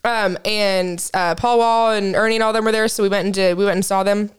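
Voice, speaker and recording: A young woman co-hosting a casual podcast, telling animated stories and swearing freely. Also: medium pitch, fairly quick, clear, resonant tone. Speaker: podcast co-host. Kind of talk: casual chat.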